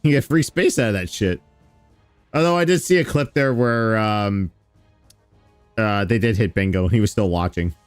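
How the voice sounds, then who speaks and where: A man's voice: fairly low pitch, normal speed, pauses often, smooth, dry recording, soft background music. A man streaming a reaction, casually commenting with sarcasm, swearing, and laughter. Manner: sarcastic, swearing, laughing, mocking with mimicked quotes.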